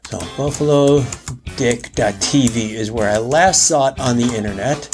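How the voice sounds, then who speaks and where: A man's voice: medium pitch, normal speed, music in the background. A man in his forties from Michigan hosting a chatty, rambling solo podcast. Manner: chatty, rambling, laughs and restarts. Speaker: podcast host. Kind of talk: casual solo podcast monologue.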